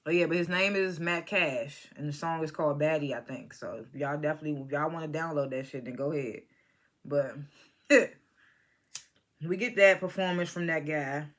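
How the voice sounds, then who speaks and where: A young adult vlogger reviews a reality show reunion in loose, blunt commentary, full of swearing and side-tracks. The voice sits at a middling pitch with a bright, sharp edge. The talk wanders, restarts and circles back on its points. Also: normal speed. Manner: blunt, opinionated, profane; rambling with restarts and asides. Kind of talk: casual vlog commentary.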